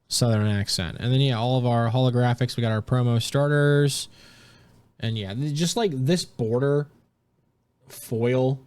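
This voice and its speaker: A young man giving casual, excited commentary while opening trading card packs as a streamer. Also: smooth. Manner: excited, jumps high in pitch at big pulls.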